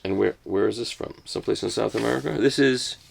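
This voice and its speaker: An older man talks casually as he unboxes a set of records, tossing off jokes at his own expense as he goes. His voice is low and carries a gravelly edge. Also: quick pace, slight background noise. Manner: joking, self-mocking asides. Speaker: host reviewing a record box set.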